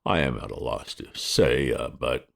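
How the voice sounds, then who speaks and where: A man voicing a formal, deferential male valet who speaks in a measured way. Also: a bass voice, creaky, pitched below the performer's own voice, full character voice.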